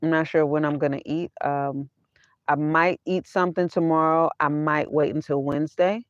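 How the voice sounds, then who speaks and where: A woman's voice: low-pitched, steady tone, moderate pace, no room sound. A woman hosting a casual livestream from her van, talking straight to her viewers, repeating her phrases and laughing often. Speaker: vanlife vlogger hosting a livestream. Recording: dull lo-fi sound.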